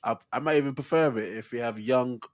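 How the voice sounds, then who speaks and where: A man co-hosting a podcast, speaking thoughtfully and hesitantly with many pauses and fillers. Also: medium pitch, dry recording. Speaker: podcast co-host. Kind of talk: casual podcast conversation.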